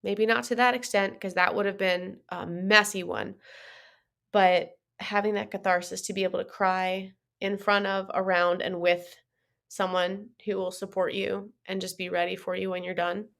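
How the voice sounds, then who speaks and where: A woman therapist co-hosting a podcast, her voice carrying a gravelly fry at mid pitch. She chats casually and keeps up a steady stream of affirming murmurs while the other speaker talks. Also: normal speed. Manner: warm listener, lots of affirming murmurs. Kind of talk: casual chat.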